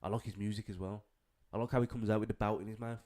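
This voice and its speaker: Brief: young Birmingham man, lowish voice, loose sweary podcast banter. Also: fairly even intonation, very fast, darkish tone, slight background noise. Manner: swearing, slangy, laughing often. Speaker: podcast co-host. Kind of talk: casual chat.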